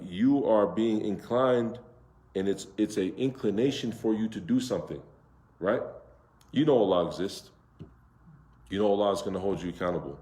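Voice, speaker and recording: A man teaching Quran recitation to a class, drawing out Arabic words slowly and asking his students questions. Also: deep voice, darkish tone. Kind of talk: interactive class lesson. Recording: echoey room.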